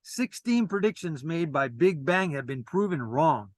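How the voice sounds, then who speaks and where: A man's voice: a little high, expressive, measured pace, dry recording. A man presenting a lecture from a script, earnest and lecturing, with casual asides to a co-host.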